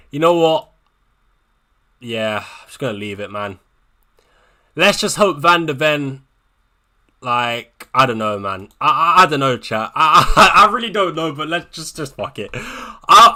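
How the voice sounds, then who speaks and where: A man's voice: fairly high pitch, expressive, moderate pace, sharp tone. A man streaming live to his viewers, anxious and swearing, repeating himself as he talks things over with chat. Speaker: fantasy football streamer.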